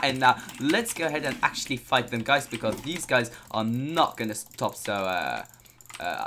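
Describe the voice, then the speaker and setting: A man giving excitable let's-play commentary on a video game, constantly exclaiming and talking to his viewers. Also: mid-range voice, a little hiss or hum. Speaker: gameplay commentator.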